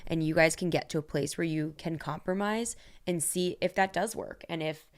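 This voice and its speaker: A young woman co-hosting a podcast, giving supportive advice in casual chat with quick agreeing asides. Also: low-pitched. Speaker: podcast co-host.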